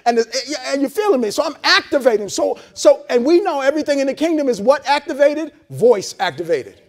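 Male pastor with a very high voice, preaching in a loose, chatty sermon style with blunt jokes and call-and-response. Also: big pitch swings, brisk. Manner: conversational preaching with frequent repeats and call-and-response; blunt, joking asides to the congregation. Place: church service held in a hotel venue.

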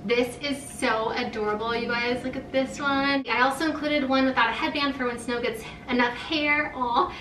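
Young woman, vlogger, gushing, excitable, roomy sound, mic a little distant. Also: high-pitched, normal speed, few pauses, a little hiss or hum. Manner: gushing, excitable, says "oh my god" often. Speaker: vlogger opening fan mail. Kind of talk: casual vlog chat, reading letters aloud.

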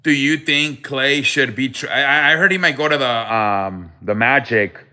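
A man's voice: medium pitch, normal speed, sharp tone. A man hosting a casual live sports stream, reading the chat and greeting viewers by name, with a running "I beg your pardon" joke.

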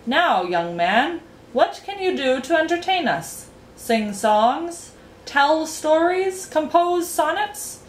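A woman's voice: high-pitched, very animated, slight background noise, pitched above the performer's own voice, exaggerated voice. A woman voicing an impatient, pompous male king who bellows commands. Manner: loud, commanding, drawn-out lines. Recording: roomy echo, faint ambience.

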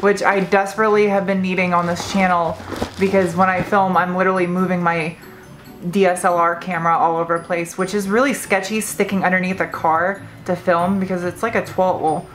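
A woman's voice: on the low side, normal speed. Chatty young woman vlogging over music. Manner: chatty, excitable when unboxing gifts. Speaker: car vlogger and host. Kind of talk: casual vlog chat.

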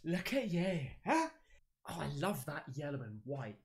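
A man hosting an excited unboxing chat, excitable, with loud exclamations, calling everyone mate. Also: a little high, a little slow, vocal fry, a little hiss or hum. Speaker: paranormal YouTuber.

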